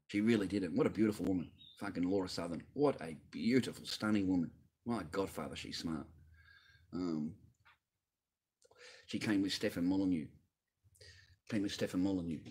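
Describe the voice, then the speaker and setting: A low, husky-voiced man in his fifties hosts a livestream. He rants bluntly and profanely, and the heat in his voice never quite drops. His voice comes through a computer mic. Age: 50s. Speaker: livestream host answering donations. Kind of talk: rambling livestream rant.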